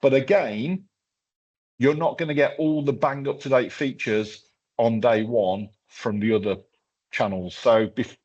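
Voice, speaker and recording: A man's voice: medium pitch, steady tone, measured pace, darkish tone. Casual chatty man giving a tech demo. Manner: casual, chatty, with many fillers and restarts. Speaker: workshop presenter. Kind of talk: live tech demo walkthrough. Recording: slightly dull lo-fi sound.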